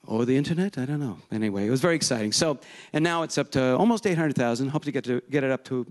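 A man speaking on stage before a live audience in a loose, joking conference talk. He rambles and pokes fun at himself in a mid-range voice, slipping in quick voice demos as he goes. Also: mid-range voice, darkish tone. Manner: rambling, self-deprecating, slips in quick voice demos.

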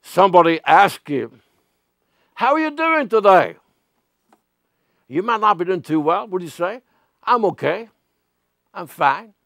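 A man's voice: sits high, a bit bright, no room sound, studio quality. A man preaching a sermon as pastor, acting out everyday exchanges in raised voices. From Europe.

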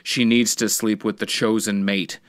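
Male podcast co-host, low voice, rambling casual storyteller, profane, dry sound. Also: flat delivery, moderate pace, smooth, no room sound. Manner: rambling storyteller, swears freely, acts out quotes. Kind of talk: casual chat.

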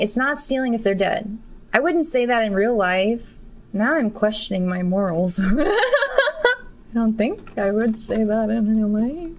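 Young woman streamer, slightly high voice, giggly, crude, excitable. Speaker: game streamer. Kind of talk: casual gameplay commentary.

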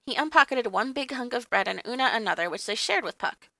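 A woman reading a classic children's book aloud in a lively, expressive way with character voices, recorded close on a dry mic. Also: fairly high pitch, quick pace, vocal fry, dry recording. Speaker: audiobook reader.

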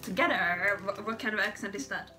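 A bubbly young woman from Sweden talks playfully through a candy tasting. Her voice is fairly high. Music runs clearly under her. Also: lively intonation, normal speed. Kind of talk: casual chat.

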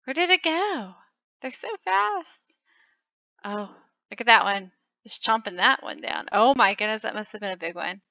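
A woman hosting her own channel, giving casual game commentary in an excitable way, often breaking into gasping exclamations. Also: a little high, normal speed, no room sound. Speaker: channel host. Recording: dull lo-fi dry recording.

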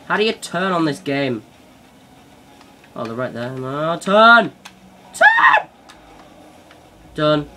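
A young man giving excitable let's-play commentary, yelping and shouting at the game as he plays. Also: fairly high pitch, a little slow, pauses often, very noisy. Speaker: gaming channel host.

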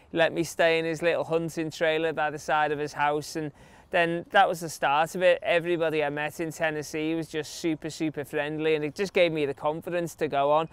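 A young Englishman with an English accent and a smooth, slightly high voice chats through an interview. He's a long-distance runner, casually recounting anecdotes from his run with plenty of fillers.

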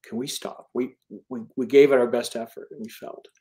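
A man's voice: medium pitch, fairly even intonation, a little fast, dark tone. A middle-aged man, an author being interviewed, telling a personal story earnestly, with frequent restarts and quoted dialogue.

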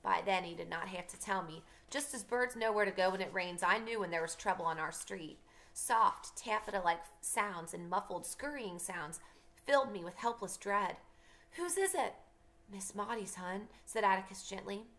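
A woman teacher reads a novel aloud for her students and stops now and then to explain. Her voice is bright with a gravelly edge. Her pitch sits in a middle range. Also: moderate pace. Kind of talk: reading a novel aloud for a class.

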